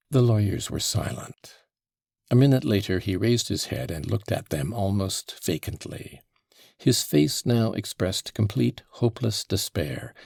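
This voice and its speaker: A man narrating a classic novel as an audiobook in a steady, even storytelling manner. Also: low voice, creaky, slightly rough, dry recording, clean studio sound.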